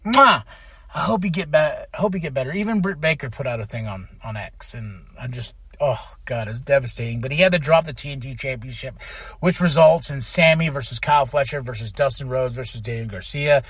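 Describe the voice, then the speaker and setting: A young man from Texas hosting a podcast, excitedly recapping wrestling matches in a loose, swearing, animated way. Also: mid-range voice, brisk, breathy edge, dry recording. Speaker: podcast host.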